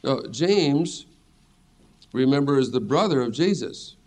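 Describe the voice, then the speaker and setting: A man's voice: medium pitch, animated, measured pace, darkish tone. A middle-aged man teaching a sermon as a pastor, earnest and reassuring as he reads scripture aloud.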